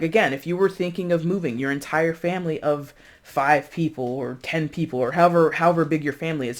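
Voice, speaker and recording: A chatty tarot reader talking straight to viewers in a loose, conversational flow. The voice sits at a middling pitch, laughs often and tosses in playful asides and tag questions like "right?". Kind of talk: casual tarot reading monologue.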